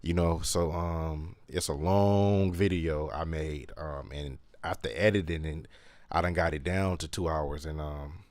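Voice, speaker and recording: A man's voice: very deep voice, steady tone, unhurried, a little mellow, no room sound. A man hosting his channel in a casual, earnest monologue, talking slangy with many fillers. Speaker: channel host.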